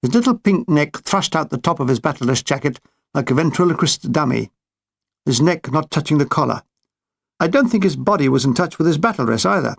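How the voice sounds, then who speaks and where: A man reading his own war memoir with a dry, deadpan comic delivery. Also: a little high, a little fast, vocal fry, slightly rough. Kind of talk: audiobook memoir narration.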